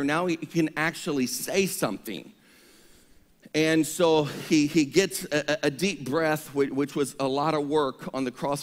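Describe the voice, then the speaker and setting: A male pastor preaching an energetic sermon, leading the congregation in call-and-response. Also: fairly high pitch. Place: church sanctuary. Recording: long reverb of a church hall.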